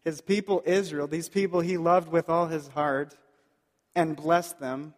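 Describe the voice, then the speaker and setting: A man preaching a sermon as pastor, earnest and pleading, slowing down to stress key points. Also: on the high side, steady tone, big-room sound. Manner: earnest, pleading, slows down for emphasis.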